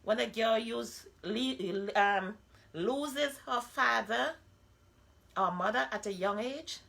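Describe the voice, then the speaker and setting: A woman's voice: mid-range voice, creaky, bright, forceful tone. A woman, talking bluntly and candidly in a personal vlog monologue, full of rhetorical asides. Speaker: vlogger.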